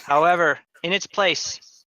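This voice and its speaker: A man narrating a tabletop game as game master, slow and deliberate. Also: a little high, bright, forceful tone, no room sound.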